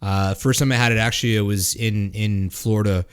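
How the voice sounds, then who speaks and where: A man's voice: fairly low pitch, fairly even intonation, clean tone. Rambling, foul-mouthed man co-hosting. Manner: rambling, profane, halting with fillers. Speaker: podcast co-host. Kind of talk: casual drinking-show chat.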